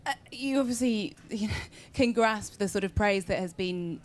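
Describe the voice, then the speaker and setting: A woman's voice: mid-range voice, normal speed. A woman interviewing two guests, asking friendly, hesitant questions.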